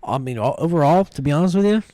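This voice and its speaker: A man's voice: fairly high pitch, animated, quick pace, warm tone, no echo. A man co-hosting a wrestling podcast in casual chat, talking bluntly and swearing constantly.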